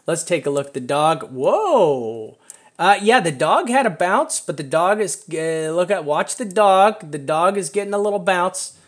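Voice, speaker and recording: Excitable man talking through trading charts. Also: high voice, measured pace. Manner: excitable, rambling, laughs often. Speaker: crypto chart analyst host. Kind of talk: live-stream chart commentary.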